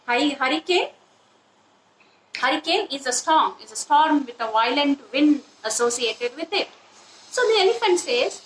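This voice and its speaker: A woman's voice: sits high, big pitch swings, moderate pace, a bit bright, reverberant, a little hiss or hum, rough recording. A woman teacher with an Indian English accent, reading a story aloud in an online class and explaining each line again in simple words. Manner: paraphrases each quoted line in simple words, repeating phrases.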